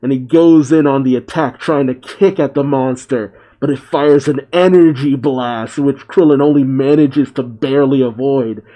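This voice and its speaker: A man's voice: medium pitch, moderate pace, few pauses, dark tone, poor audio. A man hosting a casual comic read-through, narrating the action with short reactions.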